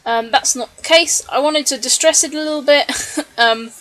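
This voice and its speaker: A woman narrating a scrapbooking video in voice-over, chatty and relaxed, with frequent ums and small laughs, a little tired late at night. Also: sits high, normal speed. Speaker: scrapbooking vlogger. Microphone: voice-over recorded separately from the video.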